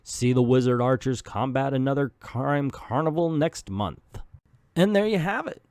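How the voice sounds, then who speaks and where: A man's voice: mid-range voice, normal speed, a little mellow, dry recording, studio quality. A man hosting a comedic comic book read-through, narrating panels dramatically and tossing in jokey asides. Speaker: host reviewing a comic.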